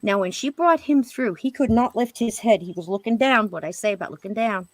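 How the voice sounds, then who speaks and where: A middle-aged woman tells a personal story in relaxed, animated chat. Her voice sits at a middle pitch and leaps higher when she imitates others. The sound is close and dry, with no room around it. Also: fairly quick, dry recording. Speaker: podcast guest. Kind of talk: casual storytelling.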